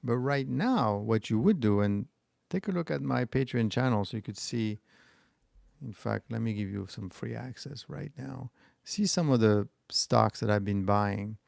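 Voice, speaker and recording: A man's voice: medium pitch, unhurried, creaky, darkish tone, no room sound, clean studio sound. A middle-aged man with a French accent, hosting a stock market livestream in a loose, rambling way and answering chat comments. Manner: rambling, restarts, talks back to chat comments. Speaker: stock market channel host.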